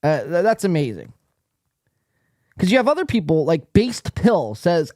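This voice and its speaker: A man's voice: high voice, very animated, moderate pace, darkish tone, no room sound, clean studio sound. A male podcast host giving casual, profane, mocking commentary while reading out online posts. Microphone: desk mic, acting up.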